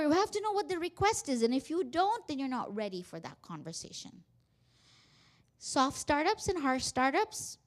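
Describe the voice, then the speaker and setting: Animated woman leading a family workshop. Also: high-pitched. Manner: animated, acts out quoted dialogue. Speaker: workshop speaker. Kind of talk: workshop talk on family communication. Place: community center hall.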